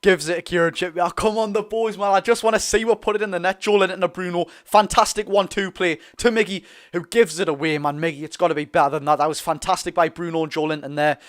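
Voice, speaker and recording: A young man with a Geordie accent hosting a live football watch-along, chatty and excitable, bursting into loud reactions. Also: sits high, fast talker, few pauses. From North East England. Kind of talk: live fan commentary.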